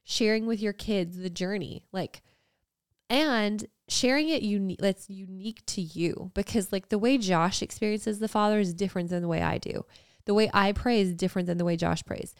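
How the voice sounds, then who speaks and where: A woman in her thirties co-hosts a casual faith podcast, speaking earnestly and reflectively with frequent "like" fillers. Her mid-range voice is clear and resonant at a moderate pace, captured in a dry, clean studio recording.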